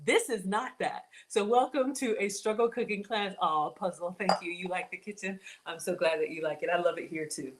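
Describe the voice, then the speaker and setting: A woman's voice: on the low side, a little fast, hardly any pauses, a little hiss or hum. A woman hosting a casual live cooking demo from her home kitchen, chatty and upbeat, calling her viewers y'all. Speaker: cooking show host.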